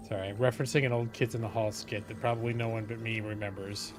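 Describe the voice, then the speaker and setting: A man's voice: on the low side, steady tone, a little fast, long pauses, over music. A man streaming a video game and chatting in a digressive way, filling his talk with fillers while he retells old comedy sketches. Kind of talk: rambling gameplay commentary on a live stream.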